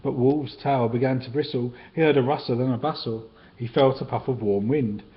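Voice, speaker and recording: A man reading children's picture books aloud in a gentle, sing-song storytelling way, on a dull, lightly hissing recording. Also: mid-range voice, steady tone, moderate pace.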